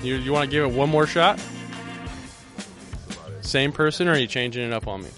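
A man's voice: mid-range voice, music in the background. A man as a player reporter, joking his way through a casual interview segment. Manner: jokey, quick, upbeat.

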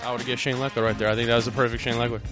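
A man's voice: medium pitch, level tone, music in the background. A man as a player reporter, joking his way through a casual interview segment. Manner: jokey, quick, upbeat.

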